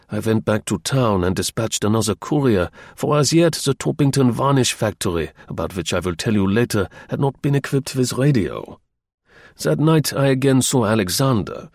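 A male audiobook narrator with a mid-pitched, husky voice, reading a first-person novel in a measured, slightly arch way. the recording is dry and close, with no room sound. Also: lively intonation, a little mellow, no room sound. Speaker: audiobook reader.

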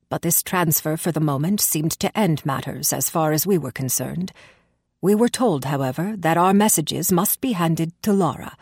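A sly, friendly male resistance worker from a storybook explains things in a lowish, easy voice, as a woman reads him. The sound is close and dry. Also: a little mellow, no echo.

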